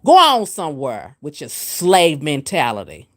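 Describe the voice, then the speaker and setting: A woman hosts a spiritual livestream. She scolds and preaches at a commenter, hammering her points with repetition. Her pitch swoops from low and firm to high and emphatic. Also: huge pitch swings, measured pace. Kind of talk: livestream rant answering comments.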